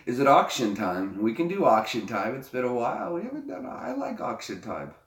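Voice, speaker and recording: A man's voice: mid-range voice, huge pitch swings, fairly quick, far from the mic. A man chatting casually with his viewers, joking and rambling between laughs. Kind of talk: casual chat. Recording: echoey room.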